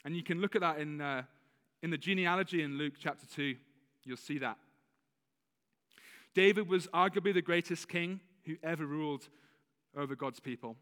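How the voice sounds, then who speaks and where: A man's voice: fairly high pitch, normal speed, long pauses, a bit bright, long reverb tail. A male pastor giving a conversational sermon with a slight lisp, often correcting himself mid-sentence. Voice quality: slight lisp on some words. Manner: conversational, with self-corrections and laughs. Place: church.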